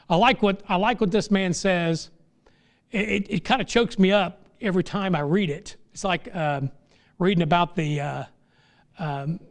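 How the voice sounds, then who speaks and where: A middle-aged man preaching a sermon from the pulpit, his voice sitting notably high for a man. He talks in a folksy, plainspoken way, then climbs into fervent, impassioned stretches. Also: fairly bright tone. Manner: folksy, rises to impassioned crescendos. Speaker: pastor.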